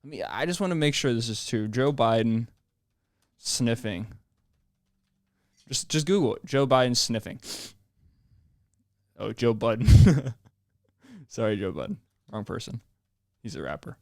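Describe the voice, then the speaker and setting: A young man hosting a solo podcast, rambling in deadpan sarcasm and laughing at his own jokes. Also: medium pitch, measured pace, pauses often, no echo, studio quality. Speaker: podcast host.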